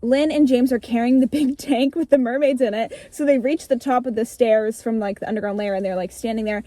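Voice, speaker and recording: Young adult woman, high-ish voice, animated casual storyteller with a loose swearing streak. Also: fairly quick, no echo. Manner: animated, breezy, swears freely, acts out lines. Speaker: vlogger retelling her childhood story.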